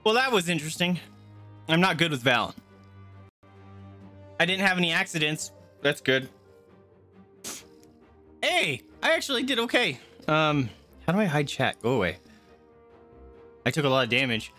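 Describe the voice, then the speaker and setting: A game streamer giving excited live commentary while playing, swearing often and squealing and yelping at the action. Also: medium pitch, moderate pace, pauses often. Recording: loud game music behind the voice.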